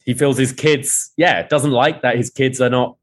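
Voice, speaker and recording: A man hosting a podcast, retelling a TV episode scene by scene and quoting the characters' lines in a lively way. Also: mid-range voice, moderate pace. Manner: animated retelling with quoted lines. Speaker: podcast host recapping a TV episode. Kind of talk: casual recap, reading out scene dialogue.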